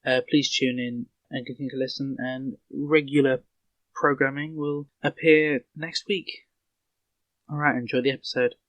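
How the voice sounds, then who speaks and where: A man's voice: mid-range voice, flat delivery, normal speed, fairly bright tone. Man apologizing through a tinny mic. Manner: apologetic, rambling with fillers. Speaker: co-host. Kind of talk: casual spoken announcement. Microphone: poorly connected webcam-type microphone.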